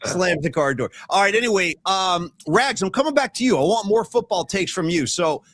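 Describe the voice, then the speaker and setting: Lively talkative man hosting a podcast. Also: sits high, brisk, few pauses. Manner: animated storytelling, acting out quotes. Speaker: podcast host. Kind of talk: casual sports chat.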